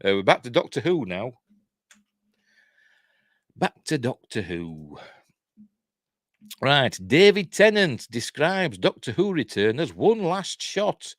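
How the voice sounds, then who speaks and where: A man's voice: on the high side, sing-song, normal speed, hardly any pauses, a bit bright, no echo, clean studio sound. A man with a Yorkshire accent hosting a live news stream, chatting in a rambling way, laughing often and reading out viewer comments. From Yorkshire, England.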